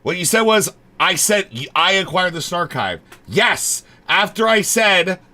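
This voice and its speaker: A man streaming live and chatting casually, swearing a lot and swinging from low mumbles to exasperated shouting. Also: big pitch swings, a little slow. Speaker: livestreamer.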